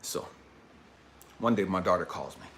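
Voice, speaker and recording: A man working as a life coach, telling a story as a profane, emphatic rant that builds to shouting. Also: low voice, animated, moderate pace, slight background noise.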